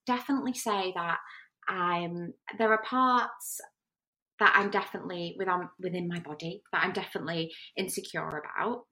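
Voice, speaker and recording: A woman in her thirties co-hosts a podcast in a relaxed, candid way. Her voice has a bright, forward ring to it. She chats openly and laughs easily. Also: on the low side, normal speed. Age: 30s. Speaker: podcast co-host. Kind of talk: casual chat.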